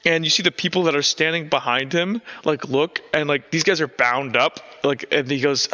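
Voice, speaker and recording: Rambling game master, bright voice. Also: male voice, fairly high pitch, steady tone, normal speed, hardly any pauses. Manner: rambling, full of fillers. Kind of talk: narrating a tabletop game. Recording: dull lo-fi audio.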